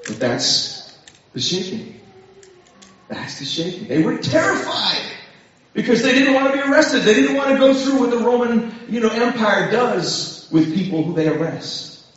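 Male preacher, high and animated voice, casual and conversational sermon, often turns to his listeners with "right?". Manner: conversational, asks the listeners frequent "right?" questions. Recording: echoey room from far off, dull lo-fi.

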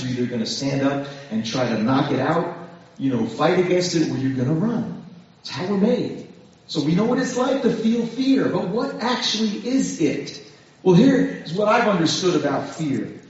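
A man preaches a relaxed, conversational sermon, checking in with his listeners with "right?" again and again. His voice sits high and swings widely in pitch. It is heard from a distance in a very echoey room, on a dull, lo-fi recording. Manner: conversational, asks the listeners frequent "right?" questions.

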